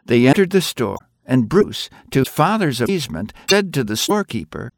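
A man's voice: mid-range voice, normal speed, creaky, dry recording, clean studio sound. A man reading a Christian story aloud expressively, acting out the characters and ending with a moral. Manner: expressive, acts out voices.

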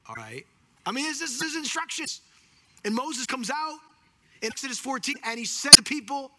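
A man preaching a sermon, animated and earnest, acting out scenes and slowing down for scripture. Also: very high-pitched, slight background noise.

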